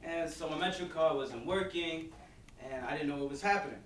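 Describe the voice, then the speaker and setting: A calm, unbothered teen boy, performed by a young man in a staged reading. He tells his story in a measured, dry way in a slightly high voice. He is heard from a distance in an echoey room. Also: noisy background, natural voice. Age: young adult. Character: calm, level-headed Black teen boy. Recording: echoey stage filmed from far off.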